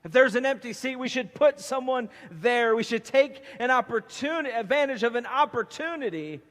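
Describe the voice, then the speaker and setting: High-voiced pastor preaching in a reverberant hall. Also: male voice, normal speed. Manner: emphatic, animated preaching with playful asides. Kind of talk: sermon. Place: church sanctuary.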